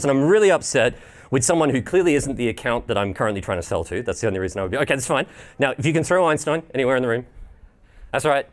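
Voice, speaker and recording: An Australian man giving a live presentation at a tech event, animated and joking, with quick restarts. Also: mid-range voice.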